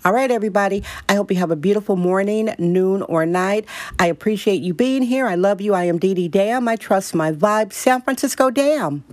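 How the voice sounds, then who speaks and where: A woman's voice: medium pitch, moderate pace, a little hiss or hum. A middle-aged woman hosting a podcast, telling stories to her listeners in a blunt, opinionated, chatty way. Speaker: podcast host. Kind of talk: casual monologue to listeners.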